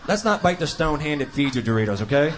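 A man's voice: on the high side, sing-song, quick pace, slight background noise. A man doing a stand-up routine, delivering wry, sarcastic punchlines. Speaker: stand-up comedian.

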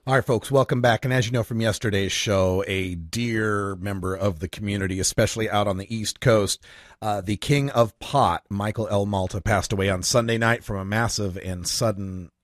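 A man's voice: on the low side, moderate pace, no echo, studio quality. A man hosting a talk radio show, speaking in a conversational, somber way with fillers.

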